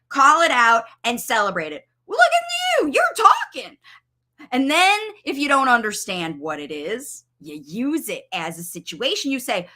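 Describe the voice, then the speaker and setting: A woman's voice: mid-range voice, pushed and bright. A woman speech-language pathologist coaching parents on a live stream, explaining with enthusiasm and everyday examples.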